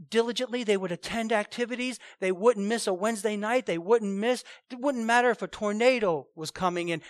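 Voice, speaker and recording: High-voiced man preaching a sermon. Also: dry recording. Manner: animated, emphatic preaching with repeated phrases. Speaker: pastor.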